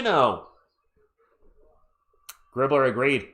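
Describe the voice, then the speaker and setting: A man's voice: mid-range voice, animated, normal speed, a bit bright, slight background noise. Sleepy man, live play-by-play stream, laid-back, chatty, yawning. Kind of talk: casual live sports commentary with chat shout-outs.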